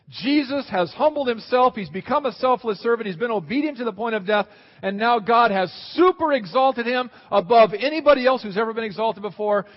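High-voiced male pastor preaching. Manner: animated, swings between quiet asides and loud exclaims. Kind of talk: sermon. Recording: dull sound with long hall reverb.

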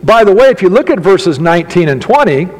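A male pastor with a high voice preaches emphatically in a church sanctuary, his words trailing off in a long hall reverb. He questions his listeners directly and drives each point home. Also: sing-song, brisk. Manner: emphatic, addresses congregation directly with questions and humor. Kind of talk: sermon.

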